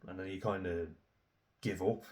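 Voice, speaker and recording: A young man with a very low, deep voice speaks in a candid personal vlog. He is frank and reflective, swears freely, and leans on "you know" and "like" as he thinks aloud. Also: steady tone, normal speed, a little mellow. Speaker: vlogger.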